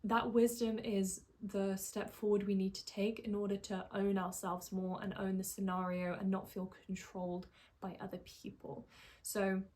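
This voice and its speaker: A woman with a medium-pitched voice, working as a life coach, delivers a calm and thoughtful monologue. She slows down and softens her delivery when she wants to emphasize a point.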